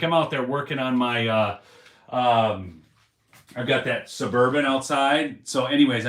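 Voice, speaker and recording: A man hosts a casual commentary show in a rambling, folksy manner. He stops and restarts often and fills gaps with "uh" and "you know". His voice sits at a middling pitch, and the room around him gives a noticeable echo. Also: a bit bright. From United States. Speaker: host of a political commentary show. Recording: roomy echo.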